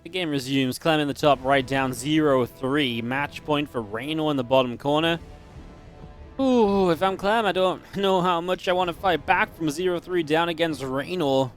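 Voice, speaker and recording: On a casual live stream, a young man with a light Geordie accent from northeast England casts a game and chats in a rambling way with his viewers. His voice is on the high side, his pace normal, and faint music plays behind him.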